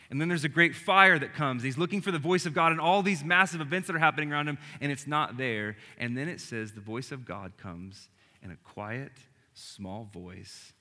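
A man preaching a casual, animated sermon to a church audience, sometimes dropping his voice to a soft hush. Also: medium pitch. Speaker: pastor. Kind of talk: conversational sermon. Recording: long hall reverb.

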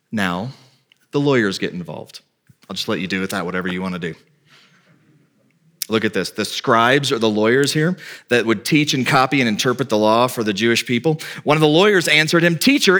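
A male pastor preaching a sermon with lively delivery, often acting out quoted speakers in a raised voice. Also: fairly low pitch.

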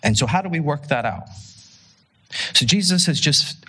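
Male pastor, casual sermon, bright tone with a husky edge, animated storyteller. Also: fairly high pitch, normal speed. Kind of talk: conversational sermon.

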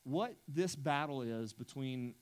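A man's voice: medium pitch, lively intonation, slow pace, clean tone. A man preaching a sermon as pastor, conversational and emphatic, often restarting his sentences.

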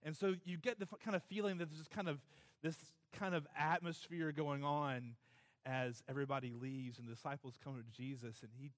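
Male pastor, casual Sunday sermon, weary and emotional, halting delivery. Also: mid-range voice, long reverb tail. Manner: halting, filler-heavy, emotional. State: tired, close to tears. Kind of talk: conversational sermon. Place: church sanctuary.

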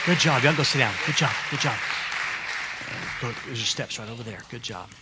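A man preaching a family sermon as pastor, animated and encouraging as he coaches children through the psalm, often repeating his phrases. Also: medium pitch, fairly quick, long reverb tail, over a noisy crowd, very noisy.

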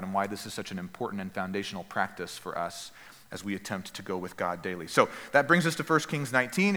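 A man preaching a sermon as pastor, earnest and emphatic, with dramatic pauses and quiet drops. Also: lowish voice, long reverb tail.

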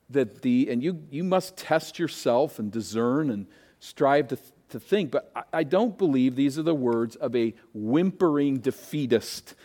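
Guy preaching a sermon, mid voice, gets loud and dramatic then goes quiet. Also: mid-range voice. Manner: dramatic preaching, rising to emphatic peaks and dropping to hushed asides. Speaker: pastor.

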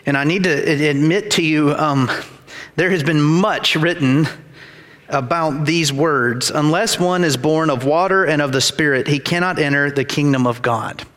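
A man's voice: on the high side, normal speed, fairly bright tone. A man preaching a sermon as pastor, emphatic and repetitive, with dramatized quotes. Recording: reverberant hall.

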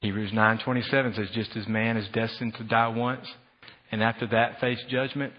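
A man preaching a sermon as pastor, animated, acting out the voices of his listeners. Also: on the low side, breathy edge. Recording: dull sound with long hall reverb.

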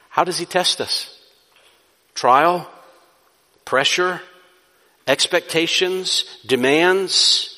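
A male pastor delivers a sermon in an emphatic style, posing questions to his congregation and answering them himself. His voice is bright and a little high for a man. It rings out with a long reverb in a church sanctuary. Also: extremely slow, long pauses. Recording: reverberant hall.

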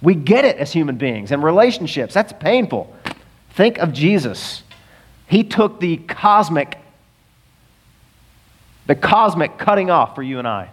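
A male pastor delivers a sermon in a somewhat high voice. He tells stories with animated energy and climbs to emphatic peaks to drive his points home. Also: a little slow, pauses often. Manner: animated storytelling preacher, rising to emphatic peaks.

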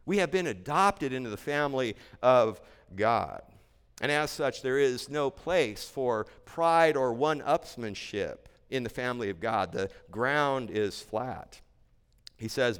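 A man's voice: medium pitch, expressive, unhurried, fairly bright tone, clean tone. A male pastor preaching an expository sermon in a church sanctuary, earnest and emphatic, repeating key phrases for weight. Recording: long church-hall reverb.

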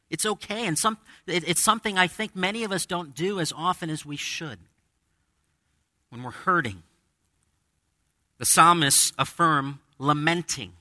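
A man's voice: fairly high pitch, pushed and bright, no echo, clean studio sound. A man preaching a sermon as pastor, conversational, with dramatic quoted asides. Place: church with a congregation.

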